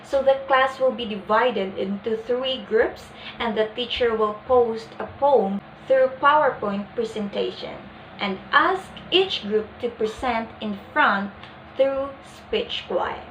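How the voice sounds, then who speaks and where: A young woman presenting a lesson plan in a deliberate, explanatory way. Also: on the high side, fairly bright tone, reverberant, slight background noise, rough recording. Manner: deliberate, acts out example lines.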